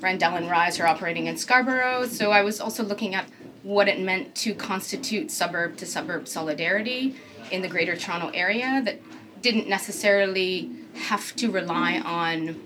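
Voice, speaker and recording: A woman's voice: mid-range voice, normal speed, fairly bright tone, a little hiss or hum. A woman curator speaking in a reflective, articulate way in an interview. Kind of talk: interview answer.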